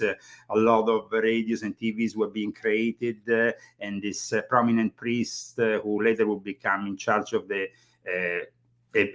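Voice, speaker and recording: A man being interviewed over a video call on a live show. He speaks haltingly, with many fillers and restarts. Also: lowish voice, fairly bright tone. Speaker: guest. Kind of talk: casual interview chat.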